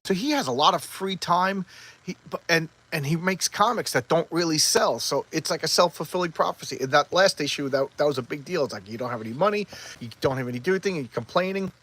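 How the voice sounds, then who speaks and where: A man's voice: a little high, lively intonation, fast talker, a bit bright. A man casually recapping a comic, rambling and acting out the characters' lines. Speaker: comic book reviewer.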